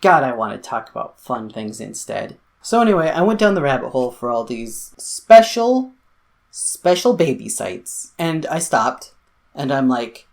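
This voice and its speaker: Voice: mid-range voice, sing-song, a little slow, vocal fry. A commentary vlogger, delivering an angry, sarcastic, profanity-filled political rant. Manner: sarcastic, profane, sputtering with anger.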